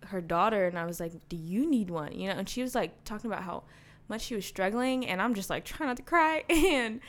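A woman's voice: medium pitch, a little fast. Young woman, co-host, chatty storyteller who laughs often. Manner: storytelling, laughs often, lively quoted voices. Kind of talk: casual chat.

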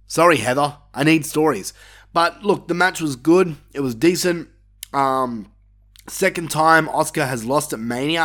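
Sweary guy ranting about wrestling on his podcast, mid pitch, gets worked up. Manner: opinionated, swears often, excitable. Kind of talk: casual review monologue.

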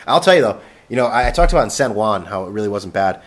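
A man with a fairly low voice rambles through a casual podcast rant, sarcastic and profane. He keeps jabbing at an absent co-host as he goes, talking from a vacation rental with no internet. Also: big pitch swings, fast talker.

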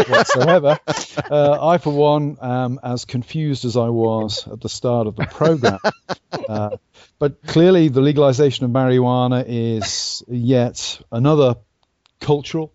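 Male co-host, mellow dark tone, measured and wry; dull, dry lo-fi podcast sound. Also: medium pitch, no room sound. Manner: dry, self-deprecating, measured. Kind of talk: podcast panel discussion.

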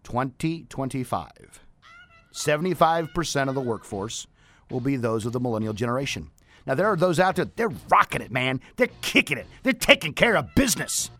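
A man's voice: medium pitch, very animated, normal speed, pushed and bright. A man hosting a radio talk show, ranting emphatically with rhetorical questions.

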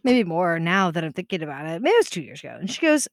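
A woman's voice: lowish voice, fast, no room sound, studio quality. A woman co-hosting a podcast, telling stories in casual chat with lots of fillers and restarts. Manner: animated storyteller, lots of "like" and restarts.

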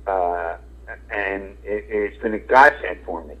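A deep-voiced, middle-aged comedian and radio host from Philadelphia speaks slowly in a casual, candid interview, rambling with many fillers and casual swearing. The sound is tinny, like radio heard over a phone.

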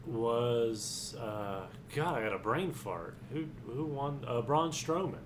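A man's voice: mid-range voice, expressive, slow pace, noisy background. A man co-hosting a podcast, rambling and laughing as he retells wrestling news in casual chat. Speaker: podcast co-host.

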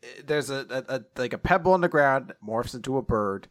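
Man animatedly retelling a comic. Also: mid-range voice. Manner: animated retelling with quick bursts of quoted voices. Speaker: podcast co-host. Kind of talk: casual chat recapping a comic.

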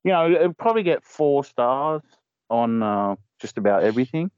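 Rambling man with a lively voice. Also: mid-range voice, moderate pace, smooth, no room sound, highs cut off. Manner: rambling, laughs at his own stories. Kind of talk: casual chat.

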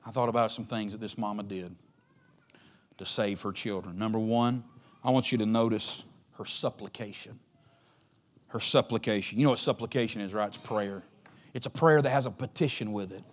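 A male pastor preaching a sermon. He calls out to the congregation and swings from quiet, low passages to loud, shouted exhortation. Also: steady tone, moderate pace.

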